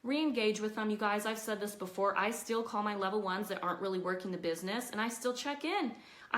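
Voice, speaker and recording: A woman's voice: medium pitch, brisk, fairly bright tone. Chatty motivational woman, echoey room. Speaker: network marketing leader. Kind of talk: casual Facebook Live talk.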